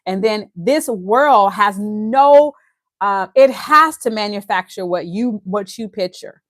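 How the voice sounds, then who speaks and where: A woman with a Louisiana Southern accent reads aloud and comments in an animated, emphatic rush, often laughing between points. Her voice sits in the middle of the range and is heard close and dry, with no room sound around it. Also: mid-range voice, takes it slowly, no room sound. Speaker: host reading and discussing a book. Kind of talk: casual teaching, reading aloud with commentary.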